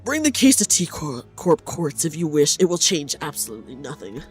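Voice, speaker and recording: A woman's voice: low-pitched, big pitch swings, a little fast, soft background music, voice pushed down. A woman voicing a sickly, smug young nobleman who sounds cold and dismissive.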